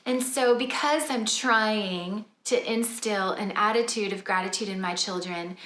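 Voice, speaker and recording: Earnest mom in an echoey kitchen. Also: female voice, mid-range voice, fairly bright tone. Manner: earnest and measured, explaining her parenting rules. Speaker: mother and family vlogger. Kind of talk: casual chat to camera. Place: home kitchen table.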